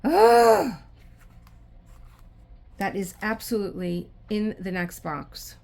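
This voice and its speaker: A woman's voice: on the low side, measured pace, gravelly, a little mellow. A middle-aged woman hosting a craft video, chatting casually to the camera and talking to herself in frustration as she works.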